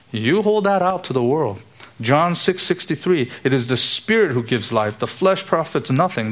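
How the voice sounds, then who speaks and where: A man's voice: fairly high pitch, a bit bright. A male pastor preaching an expository sermon, reading and explaining scripture verses, with light laughs between his points. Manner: expository preaching, rising emphatic when quoting scripture.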